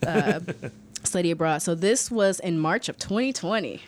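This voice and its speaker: A woman's voice: fairly low pitch, normal speed. A young woman, a guest in an interview, talking casually with lots of fillers and acted-out quotes. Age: young adult. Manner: animated storyteller, many fillers, acts out quoted voices.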